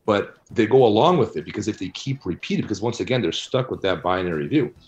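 A middle-aged man answering interview questions about his research, blunt and animated as he argues his points. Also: lowish voice, fast talker, highs cut off. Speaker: guest, researcher and author.

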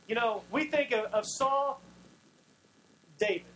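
Pastor, sermon, folksy, plays out the scenes in dialogue, mid-pitched voice, faint hiss behind. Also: takes it slowly, a bit bright, rough recording. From Oklahoma.

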